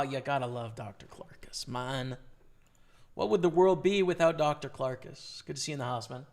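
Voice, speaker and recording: A man's voice: mid-range voice, moderate pace. A man with a Canadian accent commentating his own poker play on a live stream, chatting casually and hyping up his viewers. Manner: casual, hyped shout-outs to chat.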